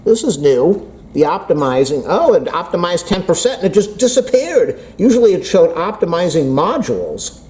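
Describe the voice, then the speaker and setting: A tech vlogger chats about a phone update in rambling, self-deprecating fashion, like he's musing aloud to the camera. Recorded from across an indoor room on a camera mic, his voice sits high and sing-song, a little mellow, at normal speed, and the recording is rough.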